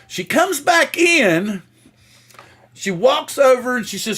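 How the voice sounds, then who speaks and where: Male livestream host, high and lively voice, chatty storyteller. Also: moderate pace, breathy edge. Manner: animated storyteller who acts out the voices in his story; greets chat viewers by name. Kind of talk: casual livestream chat.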